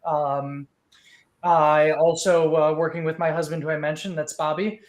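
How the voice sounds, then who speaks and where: Male guest, slightly high voice, nervous, halting delivery. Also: little pitch movement. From Chicago area. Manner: a bit nervous, halting with many ums. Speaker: guest player. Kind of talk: casual livestream introduction.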